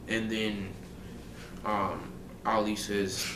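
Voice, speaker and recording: A man's voice: medium pitch, a little slow, a bit bright, slight background noise. A young man vlogging casually, rambling through a story with lots of fillers and restarts. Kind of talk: casual fantasy-booking monologue. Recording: echoey room.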